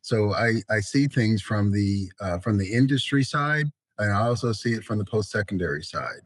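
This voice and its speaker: A middle-aged man and college president, a podcast guest telling stories about his career in a measured way with frequent fillers. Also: lowish voice, no room sound. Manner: measured, storytelling, frequent "you know". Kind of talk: podcast interview.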